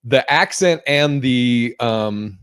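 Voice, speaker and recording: A man's voice: mid-range voice, slow pace, a bit bright, clean tone, no room sound. Dry-sounding man rambling casually. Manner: rambling, filler-heavy, swears casually. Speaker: podcast host. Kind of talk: casual podcast chat.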